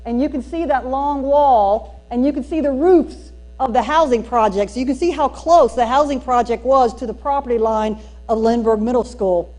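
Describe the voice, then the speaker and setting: A woman with a Southern US accent giving a storytelling keynote at a teacher training, folksy and animated with emphatic punchlines. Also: on the high side, normal speed, soft background music. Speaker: speaker at a teacher training day. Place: church hall used for a school district training.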